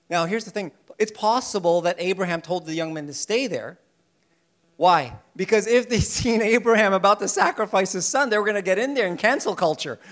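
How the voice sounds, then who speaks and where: High-voiced male preacher, animated, plays out the story's lines. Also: a little fast. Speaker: pastor. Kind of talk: sermon.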